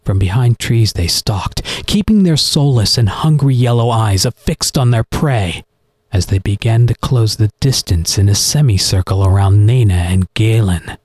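A man reading a horror story aloud in an expressive, dramatic narrating style. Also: fairly low pitch, normal speed, breathy edge, no room sound. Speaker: audiobook narrator.

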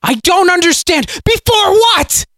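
A man's voice: medium pitch, moderate pace, no room sound, studio quality, close to an everyday voice. A man doing a weary, bewildered condemned prisoner. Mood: frantic shouting. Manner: bewildered, pleading, breaking into shouts.

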